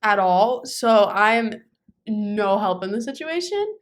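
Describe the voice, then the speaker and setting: A woman's voice: mid-range voice, big pitch swings, slow. A young woman co-hosting a casual podcast chat, opinionated and emphatic, often restarting her sentences. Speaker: podcast co-host.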